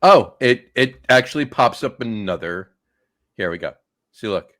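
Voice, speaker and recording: Upbeat lively male sports podcast host. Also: medium pitch, a little slow. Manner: upbeat, laughs often. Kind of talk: casual sports podcast chat. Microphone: remote call setup.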